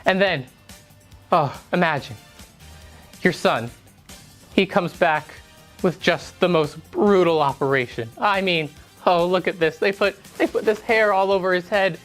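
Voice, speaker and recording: A woman's voice: normal speed, soft background music. A woman in a comedy sketch playing a reptilian political candidate giving an indignant campaign speech. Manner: mock-outraged political pitch.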